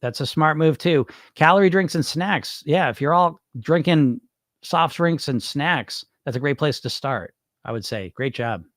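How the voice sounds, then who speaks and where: A man's voice: fairly high pitch, animated, unhurried, a bit bright, dry recording, studio quality. A man hosting a weight loss podcast, answering viewer questions in loose, rambling chat with casual swearing. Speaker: weight loss hypnosis coach, podcast host.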